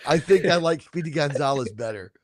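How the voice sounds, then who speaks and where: A man's voice: fairly high pitch, lively intonation, fairly quick, crowd noise. A man co-hosting a church podcast, chatting casually and joking with his co-host. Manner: playful, jokey, breaks into laughter. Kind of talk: casual banter.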